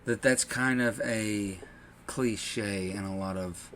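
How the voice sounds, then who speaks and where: A man co-hosting a casual podcast chat, relaxed and full of fillers, acting out scenes he retells. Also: fairly low pitch, slow pace, slight background noise. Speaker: podcast co-host.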